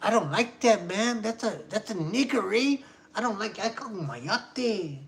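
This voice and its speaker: A man putting on a loud, swaggering, mocking voice of an adult male street tough, pitched well above his own. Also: lively intonation, moderate pace. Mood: taunting.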